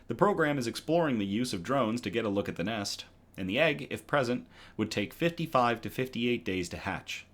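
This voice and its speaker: A man's voice: mid-range voice, a bit bright. A man hosting a casual online news show, reading articles aloud in a conversational way with frequent ums and self-corrections.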